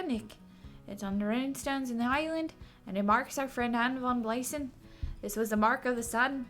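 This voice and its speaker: Lady doing a loud old sea captain w a put-on accent, tells a long story, trips on big words. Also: fairly high pitch. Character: older male sea captain, seasoned smuggler.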